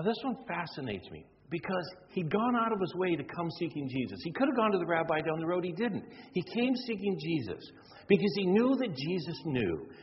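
A man preaching a sermon, animated and acting out the people in his story. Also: high-pitched, slight background noise. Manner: animated, acts out quoted voices. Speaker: pastor. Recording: dull sound in a reverberant hall.

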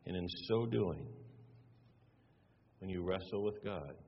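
Low, slow, creaky, and slightly rough, a male pastor's voice carries a sermon built on stories, which he tells conversationally while acting out the dialogue with varied emphasis. The audio is dull, with long hall reverb.

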